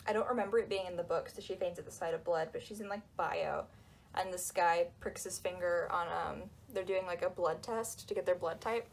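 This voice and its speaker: A young woman giving casual, sarcastic commentary on a book, acting out quotes in quick asides. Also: lowish voice, slight background noise, low-quality recording. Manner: sarcastic, chatty, acts out quotes.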